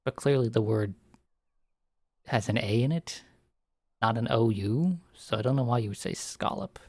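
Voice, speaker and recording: A man's voice: mid-range voice, normal speed, a little mellow, no room sound, clean studio sound. An American man streaming a fishing game, chatting casually and rambling through opinionated tangents. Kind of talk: casual gameplay chat.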